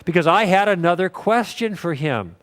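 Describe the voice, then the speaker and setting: A man's voice: high-pitched, lively intonation, moderate pace, fairly bright tone, big-room sound. A man teaching an apologetics class, telling stories of his conversations with quoted dialogue in a conversational lecturing way. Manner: conversational storytelling with acted quotes.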